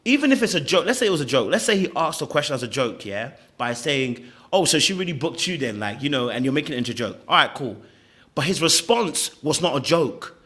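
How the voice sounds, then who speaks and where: Emphatic man with a bright voice. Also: mid-range voice, expressive, fast. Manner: emphatic, repetitive, stammering restarts. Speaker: podcast host reacting to clips. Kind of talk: opinionated commentary.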